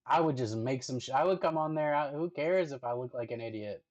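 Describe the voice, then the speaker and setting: Reacting to videos on a casual stream, this man speaks fairly quickly in a medium-pitched, slightly mellow voice. He's chatty and slangy, saying "like" and "dude" constantly and playfully addressing his dog. The sound is lo-fi with no room sound.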